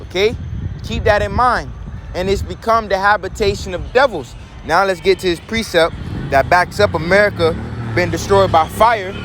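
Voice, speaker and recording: A man teaching from scripture in a preaching style. He reads verses slowly and then explains them, checking in with "okay?" and "all right?" along the way. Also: sits high, a bit bright, a little hiss or hum. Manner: emphatic, preachy.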